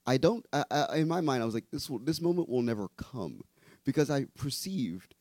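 Mellow-voiced man making emphatic points. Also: mid-range voice, expressive, a little fast, no room sound. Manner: emphatic, explains at length with restarts. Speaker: host. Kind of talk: political talk show chat.

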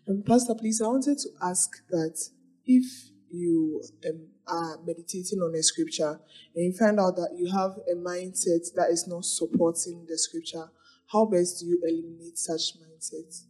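A woman's voice: on the low side, fairly even intonation, moderate pace, mellow, husky. A woman from the congregation politely asking the pastor a question.

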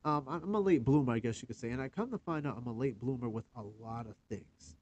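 A man's voice: medium pitch, animated, quick pace, a little mellow. A man around forty hosting his own podcast, talking alone in a rambling, candid way with lots of fillers and some swearing. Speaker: podcast host. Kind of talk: casual solo podcast monologue.

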